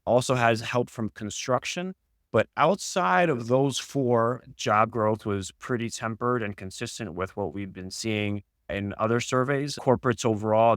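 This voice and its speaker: A man speaking as an economist on a podcast, reading off job figures in a steady, data-heavy way. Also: fairly low pitch, no room sound, clean studio sound. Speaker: senior economist. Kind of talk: podcast market discussion.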